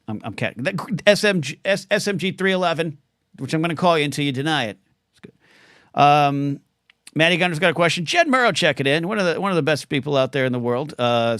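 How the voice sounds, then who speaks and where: A man's voice: medium pitch, a bit bright, dry recording, clean studio sound. A middle-aged man hosting a solo livestream podcast, rambling through chat questions with lots of restarts.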